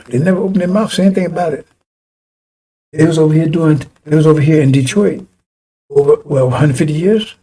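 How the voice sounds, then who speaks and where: Guy preaching on a broadcast, kinda high, raspy gravelly voice, fiery and rambling, keeps restarting lines. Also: dark tone. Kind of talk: broadcast sermon.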